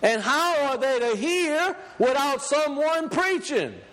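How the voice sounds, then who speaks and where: High-voiced preacher in an echoey hall. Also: male voice, sing-song, fairly bright tone. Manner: emphatic, reads scripture slowly and deliberately. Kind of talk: sermon.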